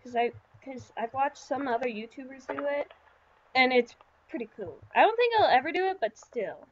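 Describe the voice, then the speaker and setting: A woman giving casual gameplay commentary, talking to herself and breaking into panicked yelps and shouts when startled. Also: high voice, animated, normal speed, slight background noise. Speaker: gaming YouTuber. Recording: slightly dull lo-fi sound.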